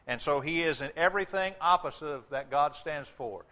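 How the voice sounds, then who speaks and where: A man preaching a sermon, emphatic, dropping low and slow for his warnings. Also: pushed and bright, muffled recording. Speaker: pastor.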